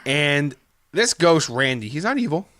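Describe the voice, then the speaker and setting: A man's voice: fairly high pitch, sing-song, a little slow, sharp tone. A man co-hosting a podcast in casual chat, rambling through stories and swearing freely. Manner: rambling storyteller, swears, restarts. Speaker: podcast co-host.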